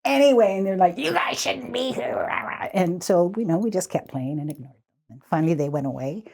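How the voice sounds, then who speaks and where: A woman in her seventies from the Squamish Nation, telling childhood stories in a relaxed interview, often laughing. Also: lowish voice, quick pace. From Squamish Nation, Canada. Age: 70s. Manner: animated, laughing, restarts sentences. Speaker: community elder guest. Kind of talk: conversational storytelling.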